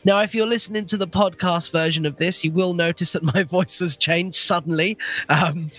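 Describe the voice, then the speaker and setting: A man's voice: sits high, fairly even intonation, moderate pace, fairly bright tone. A man with a cold, recapping a tabletop game as game master, with playful laughing asides. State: has a cold.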